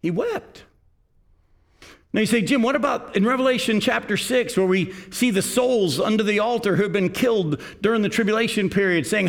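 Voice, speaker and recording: A middle-aged male pastor preaching a sermon, earnest and direct, often putting questions to his congregation. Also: high-pitched.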